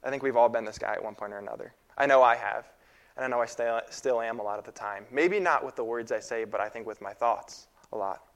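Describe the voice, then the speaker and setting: A young man in his twenties preaching a sermon in a casual, halting way, with fillers and repeated phrases. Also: mid-range voice.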